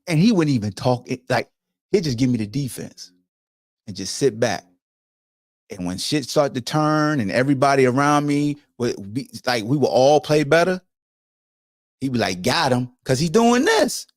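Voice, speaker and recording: A man's voice: mid-range voice, moderate pace, no echo, studio quality. A middle-aged man hosting a podcast, telling football stories in a blunt, profane, emphatic way. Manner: animated, profane, emphatic storytelling. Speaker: podcast host, former football player. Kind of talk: casual monologue to a co-host.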